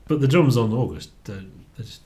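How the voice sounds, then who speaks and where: A man's voice: medium pitch, darkish tone. A man, chatting casually as co-host of a book review, laughing often and repeating words as he thinks. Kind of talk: casual chat.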